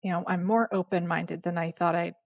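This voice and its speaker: Young woman guest, thoughtful and halting, low gravelly voice, dry dull lo-fi sound. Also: fairly even intonation, no room sound. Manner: reflective, hesitant, many fillers and soft laughs. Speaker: podcast guest, writer. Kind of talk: casual conversation.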